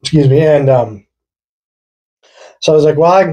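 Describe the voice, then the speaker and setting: Husky, mellow man telling stories. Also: a little high, moderate pace. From rural Wisconsin. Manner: loose, profane, laughing through his story. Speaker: podcast co-host. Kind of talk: casual storytelling among friends.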